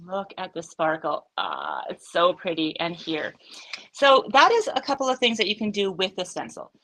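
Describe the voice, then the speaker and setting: Bright, chatty woman hosting a craft demo. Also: on the low side, very animated, moderate pace, poor audio. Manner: chatty, upbeat, thinking aloud with frequent fillers. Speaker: craft studio host. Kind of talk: live craft demonstration.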